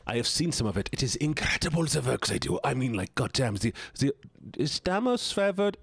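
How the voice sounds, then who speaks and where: A playful man chats with his stream audience while he plays, joking and laughing easily. His pitch swings all over the place as he talks. The sound is close and dry, with no room echo. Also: sing-song, a little fast, vocal fry, slightly rough. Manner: playful and joking, laughs often, teases chat. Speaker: live streamer. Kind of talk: casual live-stream chat while gaming.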